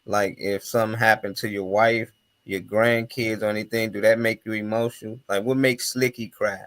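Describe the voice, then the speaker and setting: A man's voice: fairly low pitch, little pitch movement, normal speed, fairly bright tone, dry recording. A man co-hosting a casual talk show, blunt and teasing. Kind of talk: casual banter.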